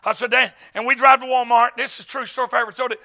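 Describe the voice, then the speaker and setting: A man, an evangelist preaching a revival sermon, telling stories in an animated way and breaking into shouts. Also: extremely high pitch, very fast. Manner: animated storytelling, bursts of shouting. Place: church sanctuary.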